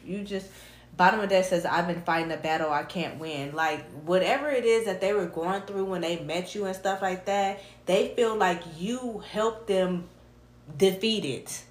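A woman doing a casual tarot reading, animated and full of slang, laughing and humming between cards. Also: on the low side, a little slow, roomy sound, slight background noise. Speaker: tarot reader.

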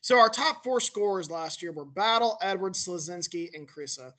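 A man's voice: high voice, animated, moderate pace, fairly bright tone. A man guesting on a casual sports podcast, matter-of-fact as he reads through stats and roster lists.

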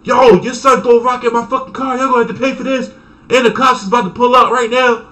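A man voicing an angry adult man who shouts accusations and threats. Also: very high-pitched, little pitch movement, fast, voice pushed up. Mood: angry accusing.

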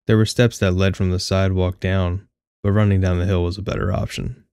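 An audiobook narrator, a young man, reads a first-person tale with candid, wry humor and an occasional swear word. His low voice is smooth, clear and fairly flat, moving at a brisk clip. The recording is dry and close-miked, with no room sound at all.

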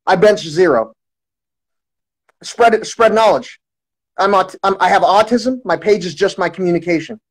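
A man's voice: sits high, animated, moderate pace, pauses often, poor audio. A man talking to his livestream viewers in a long, rambling monologue, full of restarts and swearing. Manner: repetitive restarts, heavy swearing.

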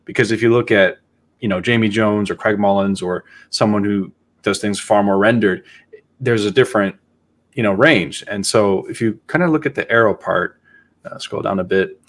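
A man hosting a casual podcast, talking in a reflective, halting way as he thinks aloud. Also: fairly low pitch. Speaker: podcast host.

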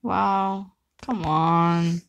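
A woman chatting casually as she plays a mobile game, excitable and pleading, swearing when the results go wrong. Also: on the low side, very slow, gravelly. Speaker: co-host summoning for a viewer. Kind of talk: casual chat while playing a mobile game.

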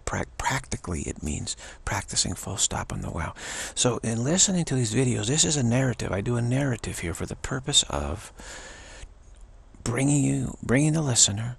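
A man giving an earnest spiritual pep talk as a teacher, halting and repeating himself as he goes. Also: mid-range voice, creaky, husky. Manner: earnest, repetitive, halting with restarts.

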